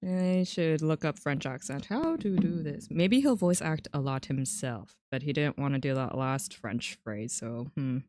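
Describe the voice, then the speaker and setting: A woman's voice: deep voice, expressive, a little slow, hardly any pauses, darkish tone, dry recording. A woman streamer chatting casually and reading game characters' lines in put-on voices, with a playful, giggly manner, at home. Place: room at home.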